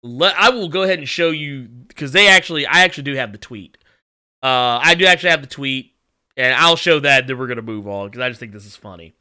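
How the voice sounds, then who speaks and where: Bright, animated male podcast host. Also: mid-range voice, quick pace, smooth. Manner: animated, swears freely, laughs often, does mocking voices. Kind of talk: casual chat.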